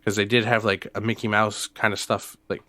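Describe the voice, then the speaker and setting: A young man co-hosting a casual podcast chat, animated and quick to laugh, retelling films with energy. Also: no room sound. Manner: animated, laughs often, breaks into high squeaky impressions. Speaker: podcast co-host.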